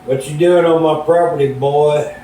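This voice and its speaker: A man's voice: fairly even intonation, moderate pace, warm tone, lightly acted. A man voicing a huge, stubborn old country farmer who talks bluntly in a folksy drawl, heard from a distance in a roomy space. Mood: gruff. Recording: roomy and distant, faint rumble.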